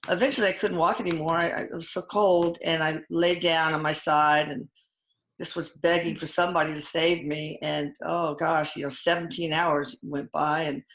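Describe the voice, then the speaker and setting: A woman's voice: sits low, flat delivery, fairly bright tone, echoey room. An older woman in casual conversation as host, retelling a hard experience with many halts and restarts. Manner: halting, emotional retelling with restarts. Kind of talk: casual chat.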